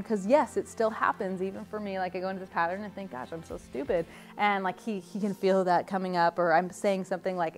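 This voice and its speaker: A woman in her thirties, a motivational coach, telling rambling, self-deprecating personal stories in an animated way. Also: mid-range voice.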